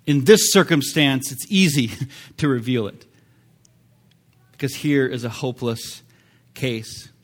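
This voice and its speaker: A man's voice: mid-range voice, animated, measured pace, long pauses. A man preaching a sermon, talking to his congregation in a conversational way, with fillers and sudden emphatic swells. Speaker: pastor.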